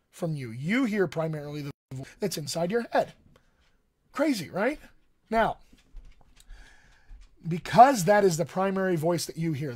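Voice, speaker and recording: A man's voice: fairly high pitch, darkish tone. A man, a dialect coach, giving a casual live-streamed voice lesson and talking straight to viewers with frequent ums. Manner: conversational, addresses viewers directly, frequent ums. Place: home studio desk.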